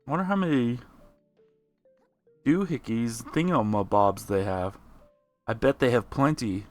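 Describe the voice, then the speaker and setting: A man's voice: medium pitch, measured pace, a little mellow, faint music behind. A man streaming a game live, rambling along in a laid-back way. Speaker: gamer streamer. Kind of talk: live let's play commentary.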